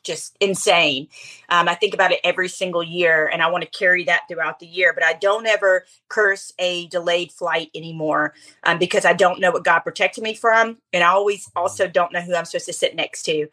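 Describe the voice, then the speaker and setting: A middle-aged woman chatting as a podcast guest, telling stories in an animated way with quick asides. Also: on the low side. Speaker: podcast guest, speaker coach. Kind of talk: casual interview chat.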